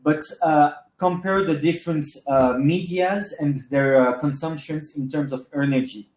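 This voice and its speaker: A man's voice: fairly high pitch, steady tone, measured pace, a little mellow. A man with a French accent, a native French speaker, answering audience questions in a live webinar, hesitant and full of fillers. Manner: hesitant, many fillers and restarts. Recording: echoey room.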